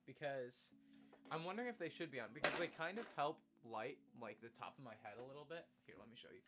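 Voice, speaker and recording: A man's voice: mid-range voice, a bit bright. A young man chatting casually on a morning stream from his home room, earnest and rambling, often laughing at himself.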